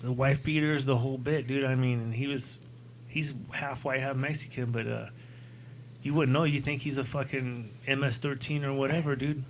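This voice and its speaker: Chill middle-aged guy on a podcast, cusses casually, average pitch. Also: fairly even intonation, moderate pace, a little hiss or hum. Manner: laid-back, casual, swearing. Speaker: podcast co-host. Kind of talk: casual chat.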